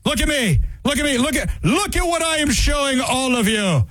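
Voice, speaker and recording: A man's voice: very high-pitched, very animated, normal speed, no echo, pitched above the performer's own voice, full character voice. A man doing a mocking impression of a smug young woman protester who keeps demanding to be looked at. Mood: mocking, shouty. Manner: mocking, shouty, showing off. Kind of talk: mocking impression in a talk show.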